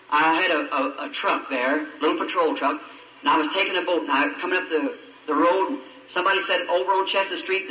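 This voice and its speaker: A man preaches with fervent conviction, turning his sermon into a gripping personal story. His voice sits high and rings bright and sharp. The old archive recording catches him from across an echoing hall. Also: slight background noise. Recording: echoey old archive recording from a distant mic.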